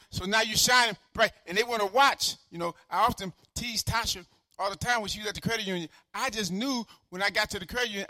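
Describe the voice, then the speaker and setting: A man in his sixties preaching a sermon with fervor, repeating phrases and swinging from shouts to quiet asides. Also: high-pitched, dry recording, studio quality. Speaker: pastor.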